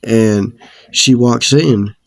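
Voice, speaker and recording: A man's voice: medium pitch, drawn-out words, vocal fry, dry recording, studio quality. A young man telling a story in a casual, slangy, profane way. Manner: laid-back, slangy and profane. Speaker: storyteller vlogger.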